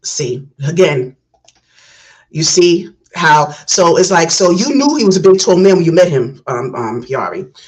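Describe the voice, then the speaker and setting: A woman's voice: lowish voice, lively intonation, a little slow, low-quality recording. A woman hosting a reaction video, giving passionate casual commentary with many restarts. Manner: passionate, talks it through with restarts.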